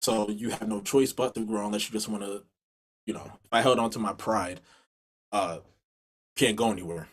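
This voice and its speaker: A man's voice: fairly low pitch, steady tone, moderate pace, long pauses. A man, a musician guest in an interview, talking earnestly and rambling over a video call. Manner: earnest, rambling with restarts and laughs. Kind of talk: casual interview talk.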